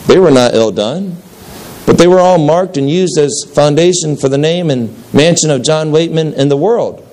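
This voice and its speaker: A man voicing a solemn heavenly gatekeeper who speaks in a low, distinct, calm and measured way. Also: natural voice, rough recording. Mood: stern. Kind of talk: dramatic reading of a story.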